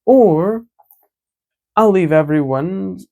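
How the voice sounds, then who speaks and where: A man's voice: sits high, expressive, very slow, gravelly, a little mellow, lo-fi sound, pitched above the performer's own voice, full character voice. A man voicing an arrogant, menacing male shark-man boss in a cartoon, offering a smug deal. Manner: smug, bargaining.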